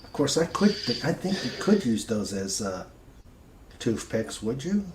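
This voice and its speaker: A man's voice: medium pitch, sing-song, unhurried. A man hosting a casual podcast, reading out chat comments, laughing often and trailing off into mumbles. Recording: roomy echo with faint noise.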